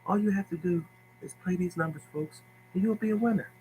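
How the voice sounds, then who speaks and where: A man impersonating a soft-spoken, gentle male celebrity, speaking sweetly and pleadingly. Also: sits high, a little fast, a little hiss or hum, pitched above the performer's own voice, lightly acted, poor audio.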